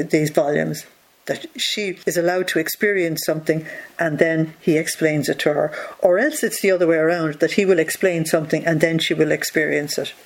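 A devotional teacher reading a spiritual text line by line and then explaining it at length. The voice sits in a middle pitch. The delivery is measured and earnest, with frequent rhetorical asides.

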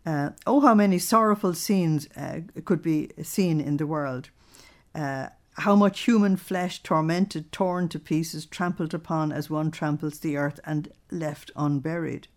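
A woman leading a Bible study, reading a devotional text aloud and stopping to explain it earnestly. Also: low-pitched. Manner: earnest, explanatory, pauses to comment between readings.

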